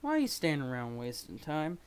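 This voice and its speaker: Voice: mid-range voice, huge pitch swings, fairly quick, a little hiss or hum. A streamer voicing a grumpy, insult-slinging teenage troll boy while reading a webcomic aloud on stream. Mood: irritated. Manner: irritable, scornful.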